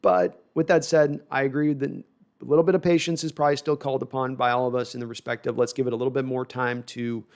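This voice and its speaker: A man with a fast, level, mid-range voice hosts a casual live sports talk stream. He reads viewer comments and rambles, often restarting and tossing in self-deprecating asides.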